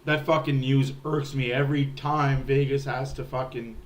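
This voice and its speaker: A man's voice: mid-range voice, steady tone, normal speed, slight background noise. A man hosting a hockey fan livestream, ranting in a heated, profane way. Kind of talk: ranting sports livestream talk.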